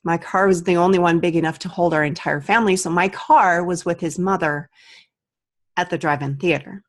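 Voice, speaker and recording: Low-voiced woman telling a heartfelt story. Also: steady tone, brisk. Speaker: aromatherapist and vlogger. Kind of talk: personal story to camera.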